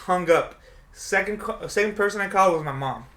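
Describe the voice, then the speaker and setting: Podcast host, male, fairly high and bright, loose animated storyteller. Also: brisk. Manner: storytelling, animated when quoting people. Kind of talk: casual podcast chat.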